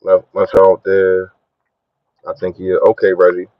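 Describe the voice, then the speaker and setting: A young man chatting casually on a sports live stream, slangy and shouting out his viewers. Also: a little slow, dry recording. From Philadelphia. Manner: slangy, shouts out viewers, lively swings in pitch. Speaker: sports vlogger. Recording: dry, dull lo-fi phone audio.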